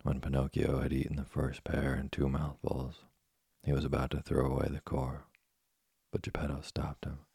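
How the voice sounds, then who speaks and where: A man reading a storybook aloud as narrator, with a gravelly, husky voice and a steady delivery. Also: very deep voice, normal speed, no echo. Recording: dry close studio sound.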